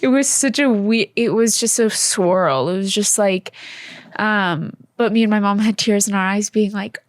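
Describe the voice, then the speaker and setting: A woman's voice: mid-range voice, normal speed, dry recording, studio quality. A woman co-hosting a faith podcast, talking in an earnest, heartfelt way with many fillers. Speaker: podcast co-host. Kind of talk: casual faith podcast chat.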